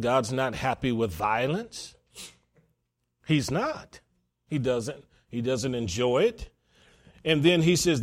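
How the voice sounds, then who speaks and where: A man's voice: mid-range voice, expressive, measured pace. A man preaching a sermon as pastor, stressing his points by repeating them.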